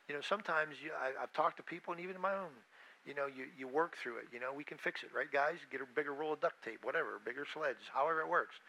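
A man's voice: a little high, sharp tone, rough recording. A man preaching an informal sermon who talks in a conversational way, with restarts and asides to the listeners, and who works as a hospital chaplain.

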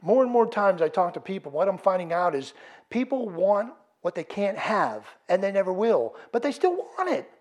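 A man's voice: sits high, very animated, moderate pace. A man preaching a sermon as pastor, firing rhetorical questions and building in intensity. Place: church.

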